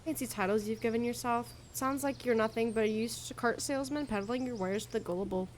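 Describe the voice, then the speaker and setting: A woman voicing a blunt, skeptical witch heroine in a game, in a gruff, vaguely foreign put-on accent. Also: fairly high pitch, brisk, a little hiss or hum, lightly acted.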